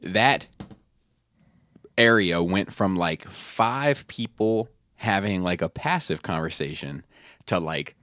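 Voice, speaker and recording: A man's voice: low-pitched, animated, slow, fairly bright tone. A man in his thirties hosting a podcast, telling a long rambling party story full of fillers and swearing. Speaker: podcast host. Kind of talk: casual podcast chat.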